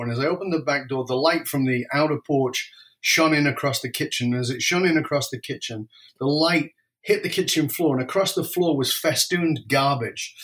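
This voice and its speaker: A man telling an emotional personal story, reflective and candid, speeding up and slowing down as he goes. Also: a little high, a bit bright. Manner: emotional, reflective, varies pace widely.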